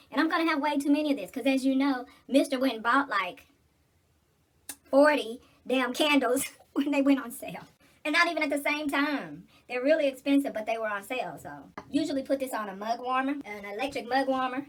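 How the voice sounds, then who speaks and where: A middle-aged woman talks straight into the camera while she does her hair, blunt, preachy and swearing freely. Her voice is husky and sits a little high. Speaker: vlogger. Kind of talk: casual get-ready-with-me chat.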